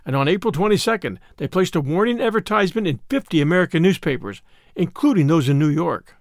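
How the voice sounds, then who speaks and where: A man narrating a second-person historical audio story in an expressive storytelling manner. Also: fairly high pitch, quick pace, no room sound, clean studio sound.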